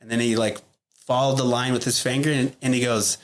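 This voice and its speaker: A blunt middle-aged man talks candidly as a podcast guest. His voice sits at an ordinary pitch, and he swears freely. He fills his sentences with "like" and "you know" as he tells the story. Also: little pitch movement, a little fast. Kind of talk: candid interview talk.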